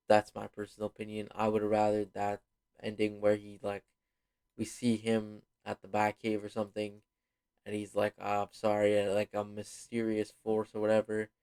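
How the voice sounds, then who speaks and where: A man's voice: fairly low pitch, a little mellow, clear, resonant tone. A man giving a rambling, casual film review, full of fillers and apologies, sounding tired. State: yawning, tired. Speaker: video host reviewing a film.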